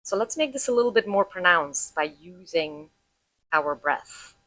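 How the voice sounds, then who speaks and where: A woman teaching about heart rate and breath, calmly explaining and guiding listeners through a breathing practice step by step. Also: on the low side, measured pace, dry recording, low-quality recording. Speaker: breathwork instructor.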